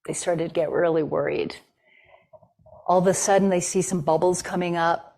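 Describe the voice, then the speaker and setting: A woman's voice: on the low side, fairly even intonation, moderate pace, vocal fry, a little mellow. A woman giving a talk and telling a traditional story in a conversational way, with fillers. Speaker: guest speaker.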